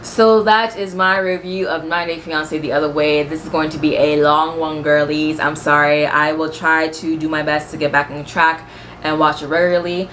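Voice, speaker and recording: A woman's voice: sits low, steady tone, moderate pace, fairly bright tone, a little hiss or hum. A woman vlogger giving a blunt, profane, sassy recap of a reality show in casual chat.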